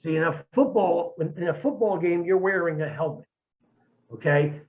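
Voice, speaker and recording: A former wrestler on a podcast, talking in a blunt, profane, rambling way with many restarts. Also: male voice, a little high, normal speed. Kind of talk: casual podcast chat. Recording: tinny phone-like line.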